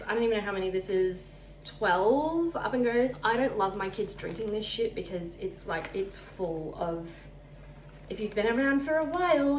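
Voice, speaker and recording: A woman in her thirties with an Australian accent, chatting casually to camera about her week, talking fast enough to sound out of breath. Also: mid-range voice, roomy sound, a little hiss or hum, low-quality recording. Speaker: vlogger. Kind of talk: casual chat.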